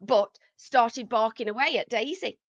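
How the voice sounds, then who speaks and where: A woman co-hosting a podcast who chats in an animated way, laughs easily, and swears casually. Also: on the high side, measured pace, no echo, highs cut off. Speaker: podcast co-host.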